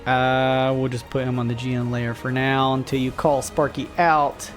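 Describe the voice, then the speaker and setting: A man runs a tabletop game from behind the screen, describing scenes and rules in a casual, meandering flow full of little fillers. His voice sits at an ordinary middle pitch. Soft music plays quietly under him. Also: normal speed. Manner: relaxed, rambling with many fillers. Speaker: game master.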